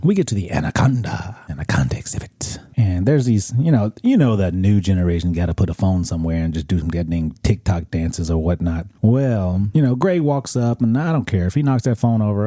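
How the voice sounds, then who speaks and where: A man's voice: sits low, lively intonation, brisk, few pauses, warm tone, dry recording, clean studio sound. A man in his thirties co-hosting a podcast, telling a story in a loose, profane way with frequent restarts. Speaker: podcast co-host. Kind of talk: casual chat.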